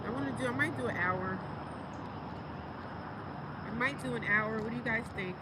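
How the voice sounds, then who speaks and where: Woman in her 40s going live from her phone outside, chatty, reading off comments, loud traffic behind her. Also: a little high, moderate pace. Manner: chatty, reads and answers viewer comments aloud. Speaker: live-streaming vlogger. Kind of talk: casual live-stream chat. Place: outdoors by her car. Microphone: phone on a tripod.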